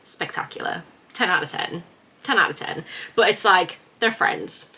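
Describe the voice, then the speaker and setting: A woman chatting casually in a reading vlog, gushing with animated reactions. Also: lowish voice, moderate pace. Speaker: book vlogger.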